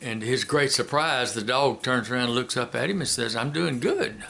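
A man giving a casual spoken commentary and telling a joke in a folksy, unhurried way with many filler pauses. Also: medium pitch, gravelly, sharp tone. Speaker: commentator and storyteller.

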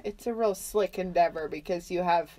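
A middle-aged woman co-hosting a podcast, telling a comic story in a casual, animated way with bursts of laughter. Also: on the low side, normal speed. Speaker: podcast co-host.

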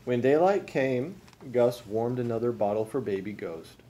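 Reading a children's storybook aloud, a father tells the tale in an expressive, unhurried way. His voice sits at a medium pitch.

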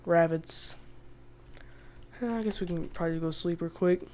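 A woman's voice: fairly low pitch, normal speed, darkish tone, a little hiss or hum. A woman giving casual, chatty let's-play commentary as she plays a survival game, laughing often and bursting out in exasperation at the animals. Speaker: gaming video host.

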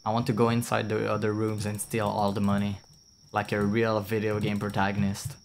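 A fairly low-voiced young man with a French accent rambles through a game stream, swearing now and then and answering chat. A faint hiss sits under his voice. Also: completely flat delivery, brisk, gravelly. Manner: rambling, chatty, swears, reads chat aloud. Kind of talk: casual gameplay commentary.

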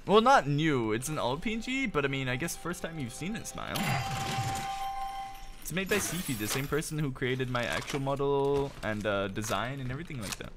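A man streaming a video game, chatting casually with a friend, excitable, swearing and laughing often. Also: medium pitch, normal speed, faint music behind. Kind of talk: casual gaming stream chat.

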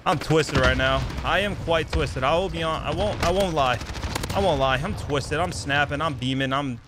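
Young man, hyped gameplay commentary, fairly high voice, repeats phrases, loud game gunfire behind. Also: normal speed, noisy background. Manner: hyped, trash-talking, repeats himself. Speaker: gaming YouTuber. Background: gunfire and explosions from the game.

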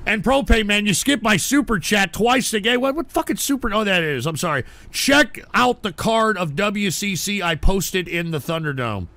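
High, gravelly man yelling at his chat. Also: dry recording. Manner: short-tempered, yells and swears at chat. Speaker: livestream host. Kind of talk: ranting livestream talk.

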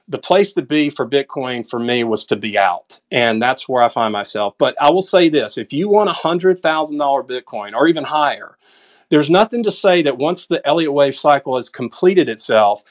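Over an audio call, a man with a Southern drawl and a slightly high voice chats casually about the markets. His commentary is blunt and emphatic, packed with folksy sayings.

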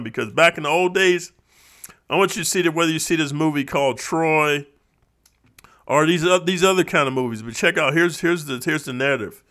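A man's voice: fairly high pitch, fairly bright tone. A man talking in a casual vlog monologue, streetwise and preachy, constantly calling the listener bro. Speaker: vlogger.

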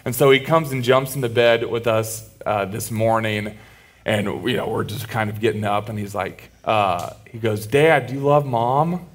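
A man in his thirties, a pastor giving a conversational sermon, telling stories in a relaxed way with fillers. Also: lowish voice, moderate pace.

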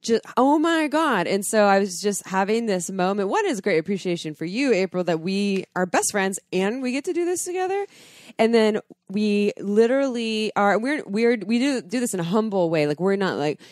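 A woman's voice: mid-range voice, lively intonation, moderate pace, a little mellow, no echo, clean studio sound. A woman co-hosting a casual podcast, talking frankly and enthusiastically and laughing often. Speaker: podcast co-host.

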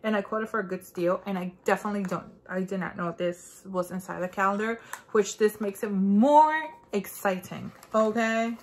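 Excitable woman unboxing beauty products. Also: mid-range voice, moderate pace, a little hiss or hum. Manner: excitable, gasping and exclaiming while unwrapping. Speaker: beauty vlogger. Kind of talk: casual unboxing chat. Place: indoors at a desk.

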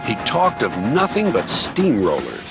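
A man's voice: fairly low pitch, unhurried, gravelly. Man narrating a storybook over music. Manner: expressive reading with many voices.

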